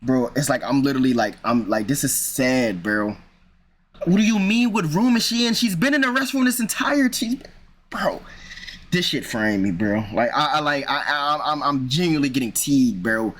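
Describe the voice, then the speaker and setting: A man's voice: medium pitch, lively intonation, moderate pace, fairly bright tone. A man streaming, reacting to a video with exasperated casual commentary, swearing and saying "bro" a lot.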